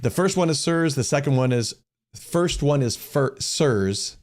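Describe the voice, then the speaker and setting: A man's voice: fairly high pitch, normal speed, a little mellow. A middle-aged man hosting a question-and-answer session, explaining things in a casual, conversational way, often restarting phrases and acting out quoted dialogue. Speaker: host answering viewer questions.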